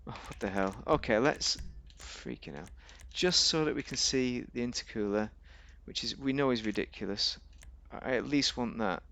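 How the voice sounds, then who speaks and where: A man with a gravelly, fry-tinged voice talks his way through a game in loose, chatty commentary. He rambles, jokes and argues with himself, and his pitch jumps up and down mid-sentence. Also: normal speed, few pauses, a bit bright. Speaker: gaming video host. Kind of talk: casual gameplay commentary.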